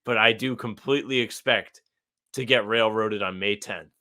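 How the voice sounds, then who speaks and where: A man's voice: fairly low pitch, normal speed, pushed and bright. A young man co-hosting a casual sports podcast, laid-back with dry humor. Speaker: podcast co-host.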